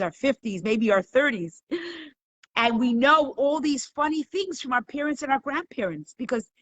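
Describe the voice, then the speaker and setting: Woman, middle-aged, teacher, lively storytelling, laughs often, fairly high voice. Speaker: Torah class teacher. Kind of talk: live online class.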